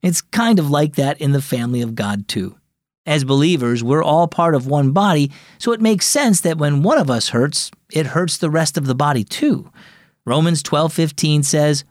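A man's voice: medium pitch, normal speed, no room sound, clean studio sound. A man hosting and narrating a children's devotional program with scripted storytelling in an upbeat, emphatic way. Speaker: host.

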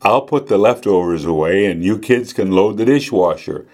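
A man voicing a patient, kindly mother speaking gently to her children in a storybook. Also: lowish voice, lively intonation, moderate pace, close to an everyday voice. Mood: gentle.

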